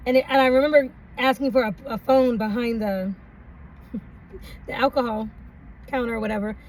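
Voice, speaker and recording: High-voiced woman rambling through a laughing story. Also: fairly even intonation, moderate pace, a little mellow. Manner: laughs often, rambling with many fillers. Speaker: vlogger. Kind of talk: casual storytime monologue. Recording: distant mic, faint background noise.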